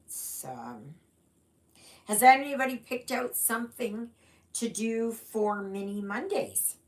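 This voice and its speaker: In an easygoing live-stream chat, a Canadian woman stitches while reading out viewers' comments to greet them, talking slowly and rambling with fillers. She has a fairly high pitch and lively intonation.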